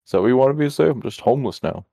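A man co-hosting a casual podcast chat, reacting excitably to what he is watching. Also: mid-range voice, quick pace, creaky, slightly rough, no room sound, studio quality. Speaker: podcast co-host.

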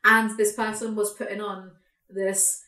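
A woman hosting a podcast, ranting in a casual chat, animated, sweary and sarcastic. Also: medium pitch, a little slow, echoey room. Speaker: podcast host, YouTuber.

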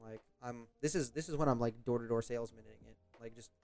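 A man's voice: mid-range voice, fast, gravelly, a little mellow, faint music behind. A young British man rambling through a story in casual podcast chat, swearing and laughing often. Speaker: podcast host.

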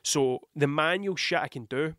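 A man's voice: fairly high pitch, normal speed, fairly bright tone, no room sound, studio quality. Sweary Scottish man with a cold. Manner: rambling, heavy swearing, blunt. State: has a cold, coughing. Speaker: podcast host. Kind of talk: casual monologue.

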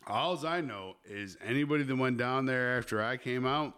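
A man's voice: mid-range voice, normal speed, a bit bright, clean tone. A man hosting a podcast, telling a crude story in a rambling, casual way with lots of swearing. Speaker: podcast host.

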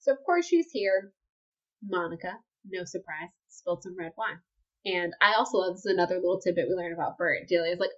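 A woman's voice: lowish voice, brisk. Lady podcaster gushing over a book, gets all worked up, kinda dull lo-fi sound. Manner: excitable, gushing, breaks into laughter. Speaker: podcast co-host. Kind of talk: casual book-club chat. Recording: slightly dull lo-fi audio.

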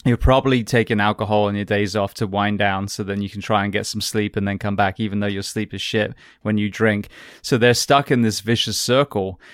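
A man with a fairly low voice talks as a podcast guest, rambling and restarting his sentences with easy, casual swearing. The sound is dry and close, with no room around it. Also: dry recording. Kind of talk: casual conversational explanation.

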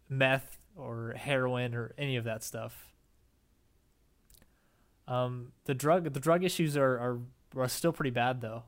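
A young man co-hosting a casual podcast chat, rambling with many fillers and restarts. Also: mid-range voice. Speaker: podcast co-host.

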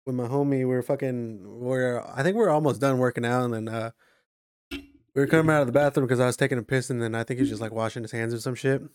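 A man's voice: mid-range voice, fast, clean tone, no echo, studio quality. A young man in casual chat, telling a slangy, profane story with frequent laughs.

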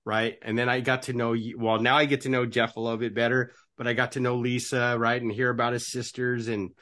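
A man's voice: mid-range voice, level tone, a little fast, pushed and bright. A man hosting a casual interview, earnest and encouraging, who tags nearly every phrase with "right?". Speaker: podcast host and life coach.

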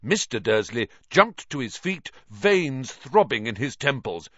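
Low-pitched guy reading a storybook, really animated, dull lo-fi dry sound. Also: unhurried, dry recording. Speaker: audiobook reader. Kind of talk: storybook narration.

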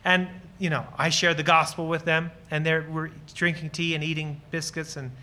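In a slightly high, bright, forceful voice with a level tone, a Lancaster County, Pennsylvania man talks at normal speed as a guest speaker on ministry. He's earnest and enthusiastic, taking audience questions, recounting personal stories, and acting out short pieces of dialogue as he explains.

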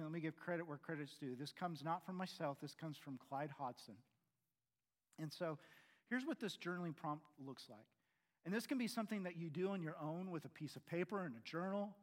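A man preaching a sermon earnestly, pressing loud questions and then dropping to quiet, low endings.

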